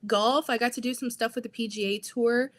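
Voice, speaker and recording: A young adult woman, a sideline reporter, telling her story as an interview guest in an animated, lively way. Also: a little high, fairly quick.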